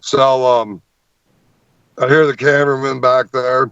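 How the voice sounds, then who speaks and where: A man, a guest on an interview show, telling a long story in an animated way and often repeating words as he goes. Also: mid-range voice, a little slow, pauses often, clean tone, dry recording, lo-fi sound.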